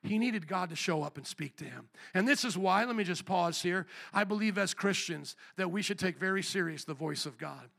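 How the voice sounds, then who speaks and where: Bright-voiced, gravelly preaching man. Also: high-pitched, moderate pace, few pauses. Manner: energetic preaching, questions and call-and-response with the congregation. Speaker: pastor. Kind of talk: live sermon. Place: church sanctuary.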